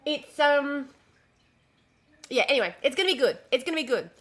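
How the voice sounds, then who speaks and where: A woman's voice: sits high, expressive, normal speed. A woman live-streaming casually from home, talking in a chatty, easily distracted way, swearing and restarting her sentences.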